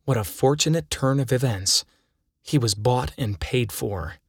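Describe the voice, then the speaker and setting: Narrating a first-person tale of his own, a man reads with dramatic flair and acted-out dialogue. He speaks a little slowly in a husky, medium-pitched voice. The recording is dry and studio-clean.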